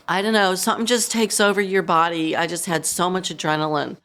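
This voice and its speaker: A middle-aged woman, a podcast guest, telling a painful personal story in a halting way, full of "you know" and re-enacted lines. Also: lowish voice, a bit bright. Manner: halting, full of you-knows, re-enacting her own words.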